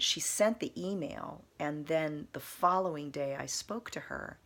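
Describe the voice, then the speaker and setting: A woman with a low voice and a gravelly texture talks to the camera. She tells a personal story in an earnest, meandering way, full of restarts and softly repeated emphasis. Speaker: vlogger.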